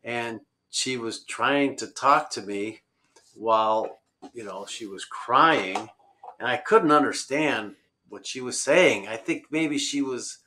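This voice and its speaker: A man's voice: mid-range voice, slow pace, bright, forceful tone. A man telling a travel story in a rambling conversational way, with many fillers and restarts. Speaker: road-trip traveler guest.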